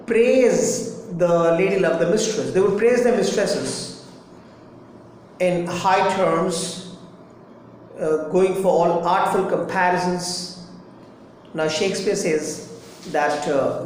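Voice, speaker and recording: A high-pitched man, teaching a poem slowly and deliberately. He repeats phrases and spells words out letter by letter. The recording is very echoey, with a faint hum behind him. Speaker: English teacher. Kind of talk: explaining a poem line by line.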